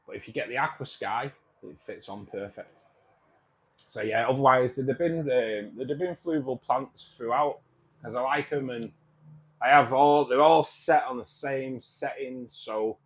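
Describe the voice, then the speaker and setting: A man hosting a casual livestream, chatting with viewers in a rambling way, repeating himself and calling people mate. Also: mid-range voice. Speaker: livestream host.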